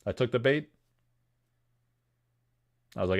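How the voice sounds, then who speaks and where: A man's voice: medium pitch, expressive, moderate pace. A man hosting a casual livestream, joking and rambling while he reads chat comments aloud. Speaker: livestream host selling card breaks.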